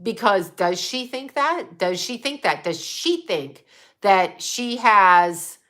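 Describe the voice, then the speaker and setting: A woman hosts her own show in blunt, profane, agitated commentary. Her voice is bright and sharp, at a middling pitch. She talks casually and heatedly, with many fillers. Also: animated, takes it slowly. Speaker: host.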